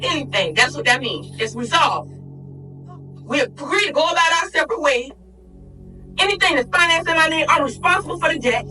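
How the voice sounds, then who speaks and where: A woman's voice: high-pitched, animated, a little fast, recorded from a distance, music in the background, poor audio. A woman arguing with her husband in a taunting, confrontational way, cursing often. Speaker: wife in a divorce argument. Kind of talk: heated argument.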